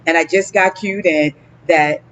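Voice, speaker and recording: A woman's voice: lowish voice, steady tone, unhurried, fairly bright tone, a little hiss or hum, poor audio. A woman with a New Jersey accent hosting a live virtual event, effusive and emotional, often saying she is about to cry. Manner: effusive, repeats "let me tell you something". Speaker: host.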